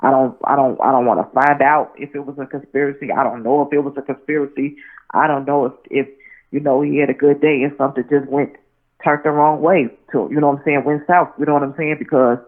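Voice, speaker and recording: A woman's voice: a bass voice, fairly even intonation, fast. A woman guest telling a story over the phone in a rambling way, full of restarts and "you know what I'm saying". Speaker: interview guest. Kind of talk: casual phone interview, storytelling. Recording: tinny phone line.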